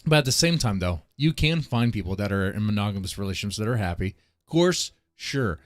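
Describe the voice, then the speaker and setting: Low-voiced man ranting on stream. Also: expressive, brisk, no room sound, studio quality. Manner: blunt, ranting, laughs often. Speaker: streamer host. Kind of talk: casual stream commentary.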